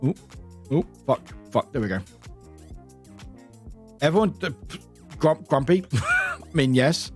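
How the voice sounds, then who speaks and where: During a live gaming stream, a man with a British accent talks slowly and pauses often, yet his high-pitched voice is extremely animated and swings widely. He laughs, swears and breaks into shrill cries, while quiet music plays in the background.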